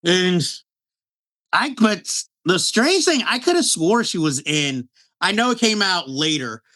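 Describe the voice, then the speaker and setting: A man co-hosting a podcast, chatting casually about a movie, animated, laughing often and restarting his sentences. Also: high-pitched, a little slow. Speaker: podcast co-host. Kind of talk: casual film review chat.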